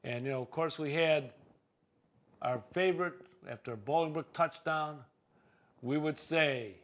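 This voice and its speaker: Bright-voiced local talk show host man. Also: fairly high pitch, a little slow. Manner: rambling, folksy sports talk with frequent fillers.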